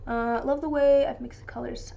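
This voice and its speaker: A woman's voice: sits high, steady tone, normal speed, creaky, lo-fi sound, background noise. A young woman chatting casually on a live stream while she works on a craft, rambling with lots of fillers and restarts. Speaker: resin dice maker streaming her craft.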